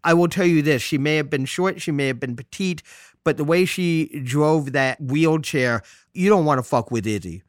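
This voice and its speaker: A man from New City, hosting a podcast and telling stories in a joking, salty, animated way. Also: a little high, moderate pace, no room sound, clean studio sound. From New York City. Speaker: podcast host. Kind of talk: casual storytelling monologue.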